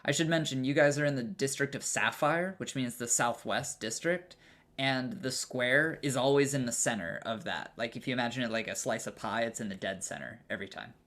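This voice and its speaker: A man's voice: mid-range voice, a little fast, a bit bright. A man narrating as game master of a tabletop game, casual and profane, with many fillers and restarts.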